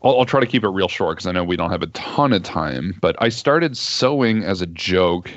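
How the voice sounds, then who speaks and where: A low-voiced man in relaxed, joking conversation. His sound is dry, with no room in it. The audio is somewhat dull. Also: normal speed, no echo. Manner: relaxed, joking, self-deprecating. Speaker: guest on a livestream interview. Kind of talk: casual chat.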